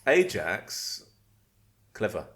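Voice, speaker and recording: Chatty lower-voiced man hosting. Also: big pitch swings, extremely slow, fairly bright tone. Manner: joking, swears, stumbles and repeats words. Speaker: podcast host. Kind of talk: casual chat.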